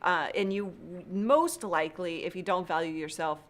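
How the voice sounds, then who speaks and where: A woman's voice: on the low side, normal speed, fairly bright tone. A woman hosting a live stream in a casual chat, earnest and encouraging, laughing often.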